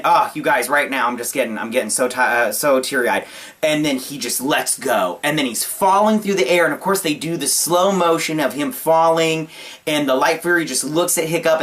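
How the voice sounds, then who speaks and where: Gushing man reviewing a film. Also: fairly high pitch. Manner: gushing and excitable, with frequent uh and like fillers. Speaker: movie review channel host. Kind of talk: casual spoken movie review.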